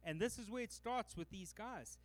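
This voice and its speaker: High-voiced Canadian pastor preaching. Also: male voice, moderate pace. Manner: animated preaching, acting out quoted voices. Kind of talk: sermon.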